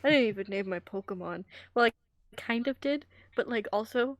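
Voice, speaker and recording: A woman's voice: a little high, moderate pace, dry recording, studio quality. A woman playing a tabletop game, chatty and joking. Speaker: player. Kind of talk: casual play chat.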